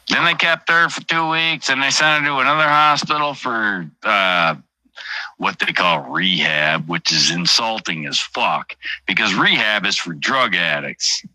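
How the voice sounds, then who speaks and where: A man's voice: fairly low pitch, normal speed, sharp tone, dry recording, rough recording. A man telling a personal story on a casual livestream, blunt and heavily profane, often repeating his phrases. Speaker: livestream host.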